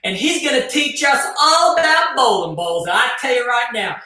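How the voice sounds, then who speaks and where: Brief: man doing a hammy folksy Southern twang, raised pitch, booming room echo. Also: normal speed, pushed and bright, exaggerated voice. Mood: gushing. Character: man putting on an exaggerated Southern American drawl. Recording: echoey room.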